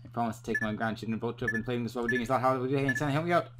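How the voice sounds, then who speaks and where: A man joking and swearing while commenting on a game he is playing with his brother, with sudden loud outbursts. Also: medium pitch, racing, very noisy. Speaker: gameplay commentator. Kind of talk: casual gameplay commentary.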